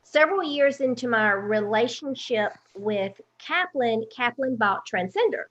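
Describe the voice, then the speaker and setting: A woman with an Alabama accent, a guest chatting casually over a dull, lo-fi video call line. Her voice is slightly higher than most women's, and she talks in a chatty way with fillers and restarts. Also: lively intonation, a little slow, fairly bright tone. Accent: Southern US, Alabama. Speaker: guest, content manager. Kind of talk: casual interview chat.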